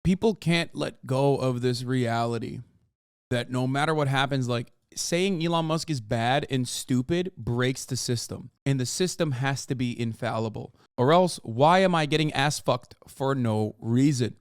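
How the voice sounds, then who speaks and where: A man's voice: medium pitch, moderate pace, clean tone, dry recording, studio quality. A man streaming live, reacting to news in a heated, profane, sarcastic rant.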